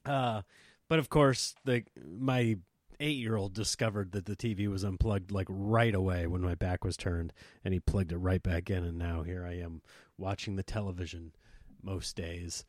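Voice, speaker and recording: A man who performs comedy for a living, talking in an animated, self-mocking, rambling monologue. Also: low voice, moderate pace, no room sound, clean studio sound. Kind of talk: casual talking-head monologue.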